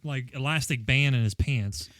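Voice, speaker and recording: A man's voice: mid-range voice, normal speed, fairly bright tone, no room sound, studio quality. A man co-hosting a podcast, mocking an old video with sarcastic, profane remarks. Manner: sarcastic, profane, mimics characters. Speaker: podcast co-host. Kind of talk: casual movie-riffing chat.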